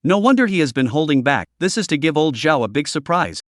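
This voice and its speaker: Brief: male recap narrator, very fast delivery, bone-dry sound. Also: fairly high pitch, big pitch swings, dry recording. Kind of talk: scripted story narration.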